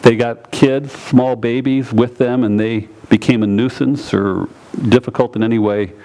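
A male pastor preaching a sermon, emphatic, dropping low and slow and then rising high and loud. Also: fairly even intonation, rough recording.

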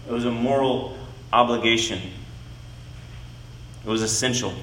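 A man giving an expository Bible teaching, speaking in a deliberate, emphatic way and leaning on key words. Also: medium pitch, level tone, fairly bright tone, roomy sound, low-quality recording.

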